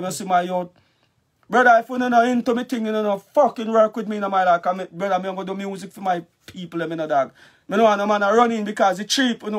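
A Jamaican man, a dancehall artist, ranting angrily in a vlog, cursing and calling the listener brother over and over. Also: high voice. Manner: angry, cursing, repetitive address of the listener. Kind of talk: heated vlog rant.

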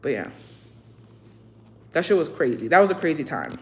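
A woman's voice: low voice, normal speed, a little hiss or hum. A young woman in casual chat, telling stories with plenty of swearing and slipping between English and Spanish, acting out what people said. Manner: profane storytelling, slips between English and Spanish; animated, acts out what people said.

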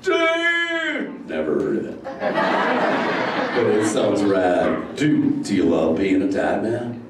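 A man's voice: lowish voice, huge pitch swings, takes it slowly, heavy background noise, exaggerated voice. A man voicing a laid-back male surfer-dude sea turtle in a live improvised show, with a goofy drawl that keeps calling everyone "dude". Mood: stoked. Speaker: live interactive show character. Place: large indoor theater with an audience. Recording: echoey theater audio from far off, loud crowd.

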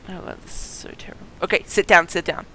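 A gaming video host giving excited let's-play commentary, chatty with viewers, giggling and yelping at surprises. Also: medium pitch, quick pace, slight background noise, low-quality recording. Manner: chatty, talks straight to viewers.

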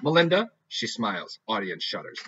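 A man's voice: lowish voice, very animated, normal speed, a bit bright, husky, full character voice. A man voicing a menacing mother who talks with a creepily sweet tone. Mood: sickly sweet. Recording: dull lo-fi recording.

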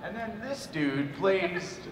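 A man's voice: sits high, lively intonation, slow pace, slight background noise. A man, a voice actor on a convention panel, rambling casually with restarts. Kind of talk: casual storytelling, self-interrupting. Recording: echoey convention hall, mic from far off.

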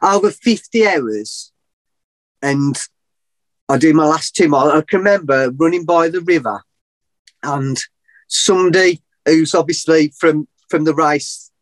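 A middle-aged man telling a long story as a podcast guest, animated and rambling, often laughing at himself. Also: fairly high pitch, unhurried, no room sound. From England. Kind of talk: casual storytelling.

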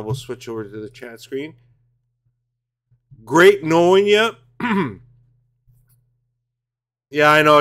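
A man's voice: fairly high pitch, a bit bright. A father streams a tank battle game from his basement. He talks casually and self-mockingly to his chat and blurts out curses between friendly remarks. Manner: chatty, self-mocking, swears and blurts out during play. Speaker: gaming streamer. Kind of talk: casual live-stream commentary while playing. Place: home basement.

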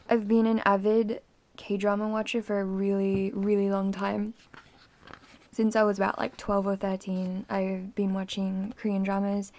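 Gushing young woman with a gravelly edge. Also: mid-range voice, darkish tone. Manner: gushing, rambling, often whispering in awe. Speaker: vlogger unboxing an album. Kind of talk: excited unboxing chatter.

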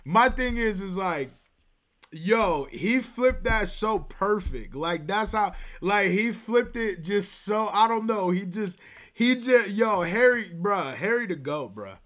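A man's voice: high voice, lively intonation, slow, fairly bright tone. A man hosting a reaction video, talking in a hyped, rambling way full of "like" and "bruh". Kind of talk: excited reaction commentary.

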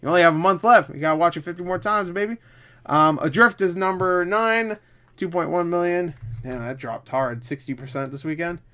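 A tired young man rambling through casual movie box office commentary, swearing often and breaking into loud disbelief. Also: high-pitched, a little fast. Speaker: movie vlogger.

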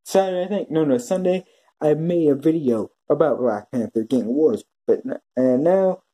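Profane ranting vlogger, very dark husky voice. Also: mid-range voice, animated, moderate pace. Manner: repetitive, with frequent restarts. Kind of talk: ranting commentary vlog.

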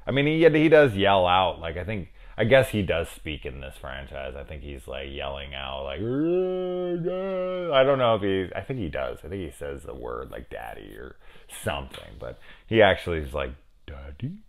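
A man's voice: very deep voice, lively intonation, normal speed. A middle-aged man casually reviewing a horror film, rambling into profane, chatty asides.

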